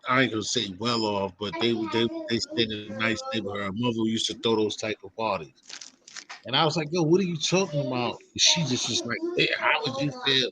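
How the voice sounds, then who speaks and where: A man casually telling a rambling story, slipping into higher voices when he quotes people. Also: a bit bright, poor audio. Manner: rambling, acts out quotes with raised pitch. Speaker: podcast co-host.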